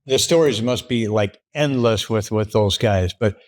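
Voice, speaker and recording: A man's voice: fairly low pitch, measured pace, darkish tone. A man hosting a sports interview podcast, adding short reactions and steering back to the topic. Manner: brief encouraging backchannels. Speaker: podcast host. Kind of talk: casual interview.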